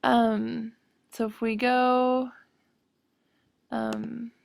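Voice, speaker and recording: A woman's voice: on the high side, little pitch movement, extremely slow, creaky, no room sound. A woman teaching a screen-recorded web design tutorial, hesitant and full of ums as she thinks aloud while clicking.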